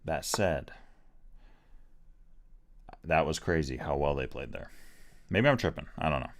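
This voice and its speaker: A man with a deep, low-pitched voice thinks aloud while playing chess online. He speaks casually and hesitantly, often circling back and hedging his points. He is recorded on a desk mic at a home computer. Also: expressive, unhurried. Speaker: chess streamer.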